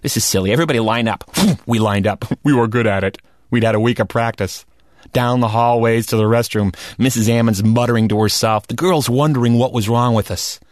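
A man telling a comic personal story in an animated, lively way. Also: medium pitch, normal speed. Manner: animated, comic, rising into shouts at wild moments.

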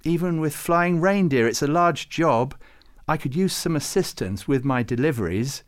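A man's voice: fairly high pitch, lively intonation, moderate pace, pitched above the performer's own voice, natural voice. A man voicing a weary old male toymaker in a storybook reading, speaking in a tired, wry way. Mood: earnest. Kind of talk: storybook character voice.

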